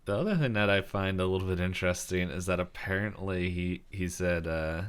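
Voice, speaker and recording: A man's voice: low-pitched, fairly quick, clean tone. Laid-back man co-hosting a chat. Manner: laughs often, relaxed reactions. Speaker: podcast co-host. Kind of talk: casual chat.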